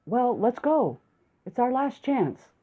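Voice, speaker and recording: A woman's voice: fairly high pitch, very animated, slow, breathy edge, voice pushed up, exaggerated voice. A woman reading the lines of a jumpy male doctor who tells the story in first person, in an audiobook. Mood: agitated. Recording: tinny phone-like sound.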